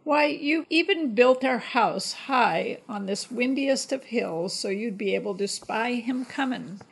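Storybook wife, sweetly cunning and calm, read by a woman, gravelly voice. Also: a little high, a little slow, exaggerated voice, rough recording. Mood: coaxing. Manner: gentle, coaxing. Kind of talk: storybook reading.

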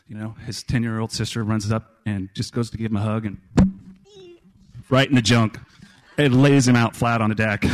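A middle-aged man from Kansas spins family stories for a live audience. He talks in a wry, joking manner at a medium pitch, with a teasing edge. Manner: wry, joking, acts out voices in quotes. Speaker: storyteller. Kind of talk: live storytelling on stage.

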